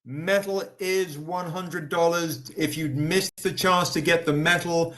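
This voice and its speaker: A man's voice: fairly high pitch, fairly even intonation, measured pace, bright, forceful tone. A man hosting a casual live stream, chatty and upbeat, greeting viewers by name while selling comic editions. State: recovering, tired.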